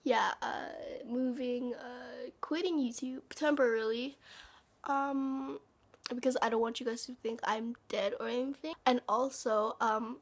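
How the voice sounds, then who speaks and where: Gushing high-voiced teenage girl. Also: fairly even intonation, unhurried. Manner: gushing, with dramatic exclamations; drops into a whisper at times. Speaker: vlogger. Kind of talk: casual chat to camera.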